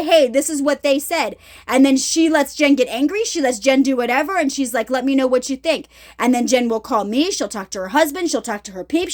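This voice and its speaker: High-pitched middle-aged woman vlogging her testimony, emphatic, keeps checking in with viewers. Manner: emphatic, addresses viewers directly with repeated check-ins. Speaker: ministry vlogger. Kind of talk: casual testimony vlog to viewers.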